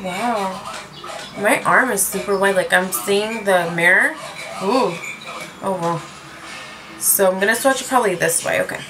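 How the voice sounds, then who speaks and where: A woman's voice: mid-range voice, poor audio. Rambling chatty woman reviewing lipsticks. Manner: rambling, chatty, self-mocking; drops Spanish words into her talk. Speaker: beauty vlogger reviewing lipsticks. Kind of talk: casual chat. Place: her own room at home.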